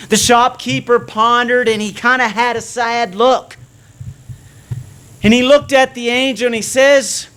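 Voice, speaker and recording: A man's voice: extremely high pitch, steady tone, a little slow, bright, forceful tone, smooth. A man from Nova Scotia, Canada, with a Canadian accent touched by a slight Southern drawl, preaching a friendly, story-driven sermon in a church. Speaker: guest preacher.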